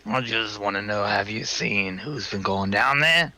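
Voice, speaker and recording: A man's voice: lowish voice, a little slow, bright, forceful tone. A man playing a tabletop game, talking in character in a casual, prying way. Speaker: player. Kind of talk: in-character tabletop role-play.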